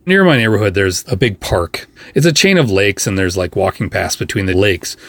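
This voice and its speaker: A man's voice: on the low side, lively intonation, a bit bright, no echo. A man hosting a podcast, telling a behind-the-scenes story in a casual, chatty monologue full of asides and fillers. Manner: chatty, rambling, with frequent fillers and quick asides. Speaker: podcast host.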